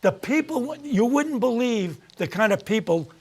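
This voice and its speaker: A man in his nineties, a singer guest on a talk show, bantering in a jokey, animated way. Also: very high voice, measured pace, a little hiss or hum. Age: 90s. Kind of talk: casual talk-show chat.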